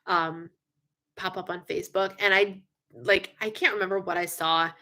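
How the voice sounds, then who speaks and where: A young woman hosting a casual live stream, chatting with viewers in an animated way, with lots of fillers and frequent yawns. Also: on the low side, moderate pace. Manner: chatty, animated, yawning often, many fillers. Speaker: livestream host.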